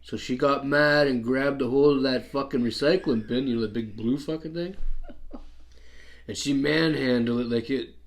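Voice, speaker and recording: A man's voice: medium pitch, normal speed. A Canadian man with an everyday mid-range voice tells a neighbour story in casual chat. He is blunt, swears freely and laughs often. His accent is Canadian English. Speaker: channel host.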